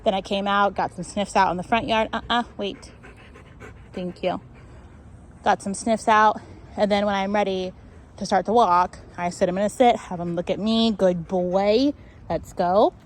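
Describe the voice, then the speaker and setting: A woman's voice: mid-range voice, fairly even intonation, moderate pace, low-quality recording. A woman dog trainer explaining a walk outdoors on a neighborhood street, often checking in with "right?".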